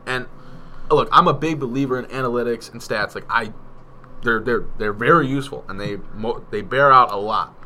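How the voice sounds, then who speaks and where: A man co-hosting a sports podcast, talking in a measured, analytical way. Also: medium pitch, pushed and bright. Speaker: podcast co-host. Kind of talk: casual sports chat.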